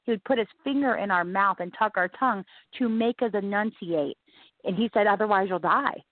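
A woman's voice: medium pitch, fairly quick, no room sound. A woman guest from the American South telling her own life story in an interview, earnest and emphatic, often repeating herself. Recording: tinny phone-like line.

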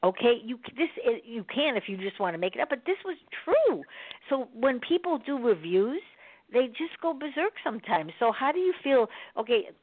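A woman's voice: on the high side, big pitch swings, moderate pace, dry recording. A woman hosting a talk show, chatting casually in a rambling way and laughing often. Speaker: radio show host. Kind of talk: casual chat. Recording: phone-line audio.

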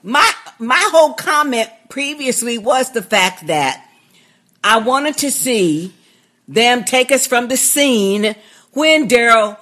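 A woman co-hosting a casual podcast, excitable and laughing, often repeating herself. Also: on the high side, slow pace. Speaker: podcast co-host. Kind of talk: casual chat.

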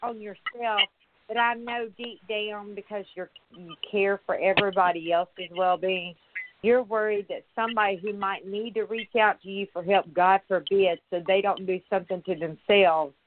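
A woman calling in to a talk show, speaking softly and supportively and often trailing off mid-sentence. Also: medium pitch, steady tone, normal speed. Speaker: caller. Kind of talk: casual phone conversation. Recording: tinny phone line with clear hiss.

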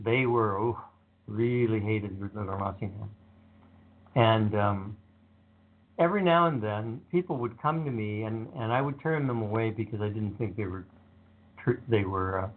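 Man telling stories over a tinny line. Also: on the low side. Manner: relaxed, anecdotal, acts out quotes. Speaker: author being interviewed. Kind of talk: casual conversation, storytelling. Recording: narrow phone-like sound.

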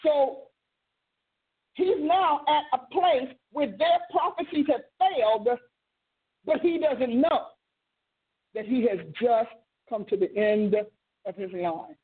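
A woman teaches scripture in a high, husky voice, telling the story with emphatic, stretched-out stresses. She hosts a ministry show. The sound is narrow and tinny, like a phone call. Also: lively intonation, takes it slowly, pauses often. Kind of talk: teaching sermon.

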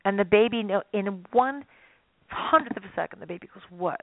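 A woman's voice: mid-range voice, a little fast, no room sound. A woman guest expert telling stories in a radio interview, acting out little voices as she explains. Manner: animated storyteller, acts out voices. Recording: dry, phone-like line.

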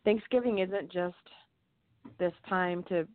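Woman host, lowish voice, dry close sound, phone-line tone. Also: slow pace. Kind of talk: casual chat.

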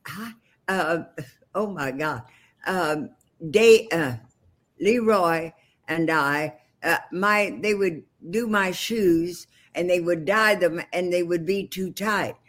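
A woman's voice: fairly low pitch, slow pace. An older woman, a veteran of the stage, spins bawdy anecdotes over a video call from her home. Her delivery is wisecracking and rambling, full of fillers and asides. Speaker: guest, veteran stage actress. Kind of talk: casual storytelling on a video call.

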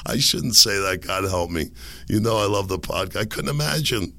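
A hoarse, sick-sounding middle-aged man with a low, gravelly voice and a sharp, forceful tone. He rambles through a casual solo podcast at a desk mic, cracking himself up as he goes. The sound is close and dry. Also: animated, normal speed, dry recording. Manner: rambling, self-amused, laughs at own jokes. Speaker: podcast host. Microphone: desk microphone.

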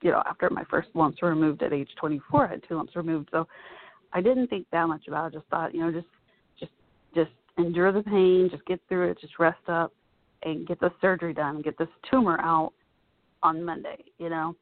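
A woman's voice: sits low, fairly quick, no echo. A woman vlogger telling a personal story in a casual, chatty way, full of "you know" asides. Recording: dry, tinny phone-like sound.

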